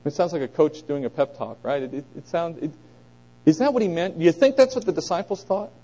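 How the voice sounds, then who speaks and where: A middle-aged man teaching a conversational Bible lesson, asking his listeners questions and pressing points with animated emphasis. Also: fairly high pitch, a little fast, low-quality recording.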